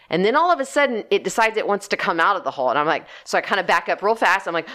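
Lively woman telling a story, lowish voice. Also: fast talker, few pauses. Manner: animated storytelling, often acting out her own reactions. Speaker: podcast co-host and gardener. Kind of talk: casual chat.

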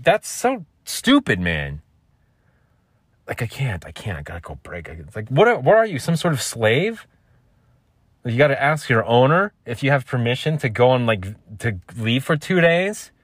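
A man's voice: medium pitch, a bit bright, no room sound, studio quality. A man hosting a podcast alone, complaining in a frustrated, casual rant, swearing and repeating himself. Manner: swears often, calls listener man and dude. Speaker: podcast host.

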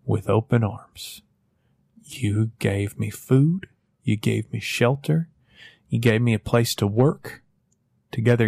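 A man voicing West, a loyal young frontiersman talking folksy and rough to his friend. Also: lowish voice, darkish tone, no room sound, studio quality, exaggerated voice. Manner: folksy frontier talk, pleading then cursing.

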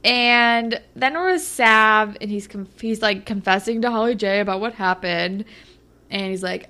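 A young woman co-hosting a casual podcast, recapping a TV episode with laughter and playful quoted lines. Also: moderate pace. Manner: animated, laughing, acts out quoted lines in a higher voice. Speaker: podcast co-host.

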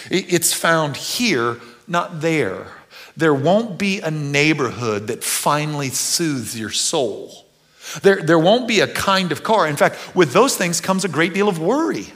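A middle-aged man, preaching a conversational sermon that swings from quiet and earnest to loud, animated bursts. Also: on the high side. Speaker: pastor.

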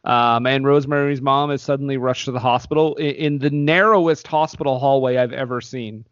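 A man's voice: medium pitch, steady tone, fairly quick, no room sound, lo-fi sound. A man co-hosting a casual movie review chat, laughing often and acting out lines from the film. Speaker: podcast co-host.

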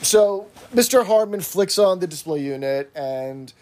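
A man on a podcast, casually recapping an episode in a steady, explanatory way. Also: high voice, a little slow. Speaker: podcast co-host.

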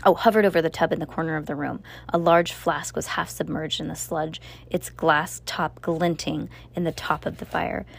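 Woman storyteller, lower voice, dramatic reading with small slips. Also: steady tone, normal speed, creaky, few pauses, husky. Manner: dramatic, with slips and self-corrections.

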